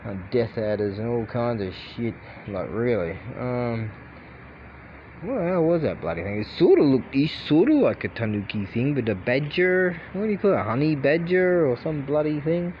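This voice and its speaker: A man's voice: medium pitch, sing-song, moderate pace. Rambling Australian man on a night walk. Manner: chatty, swears freely, laughs at his own jokes. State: sleepy. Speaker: vlogger. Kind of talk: casual rambling monologue. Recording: muffled audio with street noise.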